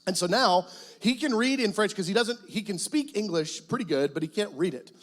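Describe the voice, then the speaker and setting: A man, a guest pastor, telling his testimony as a sermon in lively storytelling that bursts into excited, shouted quotes. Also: high voice, brisk.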